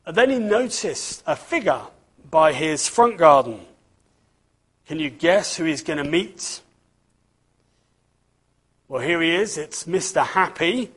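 During a children's talk, a man reads a storybook aloud and turns to his listeners with questions. His voice is high for a man, slightly husky, and fairly bright. He sounds animated, speaking at an unhurried pace.

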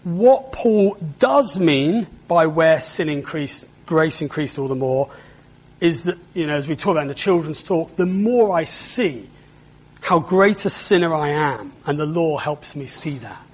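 A man with a high, slightly husky voice preaching a sermon. He speaks slowly and patiently, walks through the passage verse by verse and often turns to the listeners with rhetorical questions. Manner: explains patiently, asks the congregation rhetorical questions. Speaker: pastor.

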